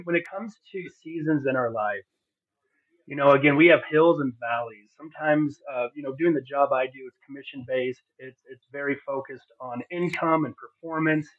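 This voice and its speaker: Man, husky voice, earnest testimony, tinny phone-like audio. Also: on the high side. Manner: earnest, heartfelt, many fillers and restarts. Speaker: podcast guest. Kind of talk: candid personal testimony. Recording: phone-like narrow sound.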